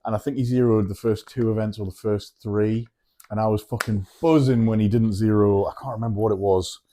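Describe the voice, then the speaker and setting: Male podcast co-host who jokes and swears, low and mellow. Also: fairly even intonation, a little hiss or hum. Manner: teasing, sweary, quick to joke. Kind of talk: casual sports chat.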